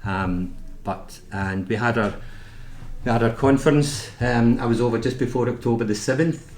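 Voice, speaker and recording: Here the Scottish male nurse has a medium-pitched, slightly mellow voice at a normal pace. His informal work talk rambles through anecdotes and restarts, captured in an echoey meeting room with faint noise.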